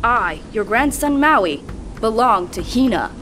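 Defiant young hero played by a woman, slow, loud, declaring. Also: fairly high pitch, very animated, music in the background. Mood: proud. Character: young male demigod hero, bold and defiant.

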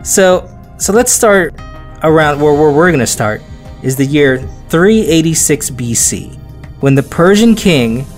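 A man's voice: on the high side, lively intonation, a little slow, soft background music. Chatty man telling history with jokes. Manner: jokey, laughs often, drops into silly voices. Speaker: podcast host telling history. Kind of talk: casual storytelling chat.

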